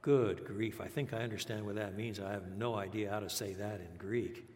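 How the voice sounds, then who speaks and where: A man's voice: fairly low pitch, fairly even intonation, normal speed, a little mellow. An older man from French Canada, raised speaking English and French, preaching a teacherly sermon with rhetorical questions and repeated words. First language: bilingual English and French. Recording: long reverb of a large hall.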